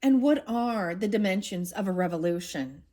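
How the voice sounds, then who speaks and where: Woman reading as a dignified gentle old man. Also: medium pitch, expressive, normal speed, natural voice. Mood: calm.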